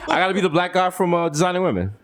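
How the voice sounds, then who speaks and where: A man's voice: high voice, animated, rapid-fire, a bit bright. A man from the Bronx co-hosting a podcast, teasing and riffing in casual comedic chat. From the Bronx, New York. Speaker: podcast co-host.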